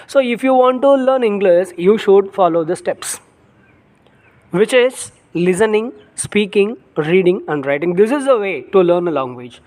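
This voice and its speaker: A man's voice: high voice, darkish tone. A man with a Tamil accent, a native Tamil speaker, teaching an online English lesson, repeating phrases and calling viewers his dear students.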